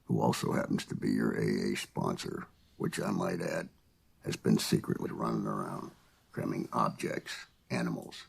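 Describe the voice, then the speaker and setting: A man's voice: very deep voice, gravelly, breathy edge, full character voice. An actor playing a skeptical male police boss, incredulously laying out a case point by point in a film clip. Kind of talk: film dialogue.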